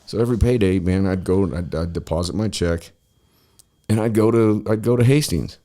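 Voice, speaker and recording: Casting note: man, forties, very low voice, rambling and profane storyteller on a chat show. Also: fairly quick, dark tone. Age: 40s. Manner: rambling, profane, lots of fillers and restarts. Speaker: podcast host.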